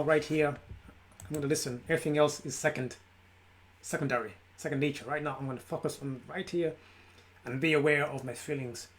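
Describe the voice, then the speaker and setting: A man's voice: fairly high pitch, a little hiss or hum. A man speaking live from his room, giving an emphatic motivational talk on mindfulness in repeated lists. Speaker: self-help speaker. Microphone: camera.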